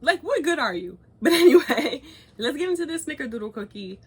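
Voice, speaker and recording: A young woman vlogging in casual chat, animated, swearing freely and laughing often as she rambles. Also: high-pitched, brisk. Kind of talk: casual chat, cookie review and gossip.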